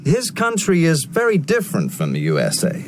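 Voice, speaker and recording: An actor playing a calm male history teacher who questions a student in a textbook listening dialogue. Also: fairly high pitch, normal speed. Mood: patient. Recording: textbook audio with background noise.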